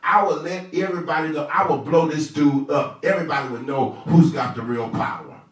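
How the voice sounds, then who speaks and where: A man's voice: fairly high pitch, fairly quick, pitched below the performer's own voice, natural voice. A man doing a gloating, brash royal schemer. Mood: boastful. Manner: brash, gloating, street-talking. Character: boastful scheming male royal official. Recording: echoey room from a distant mic.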